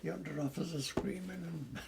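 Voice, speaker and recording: Older man in his eighties, gravelly and a touch high-pitched, telling stories with frequent chuckles. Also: a little fast, background noise. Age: 80s. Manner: lively storyteller who chuckles often. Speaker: interviewee recounting memories. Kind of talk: casual storytelling.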